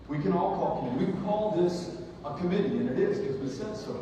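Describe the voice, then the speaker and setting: A man's voice: sits high, expressive, fast talker, dark tone, highs cut off. A man running for office, answering a question at a town hall with impassioned, emphatic delivery. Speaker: political candidate at a town hall. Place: large echoey hall with audience. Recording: echoey hall, distant, noisy.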